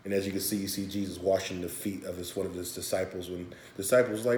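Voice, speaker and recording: A man giving a recorded presentation, earnest and halting, with many restarts. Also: low-pitched, steady tone, a little mellow. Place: hotel room. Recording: echoey hotel room.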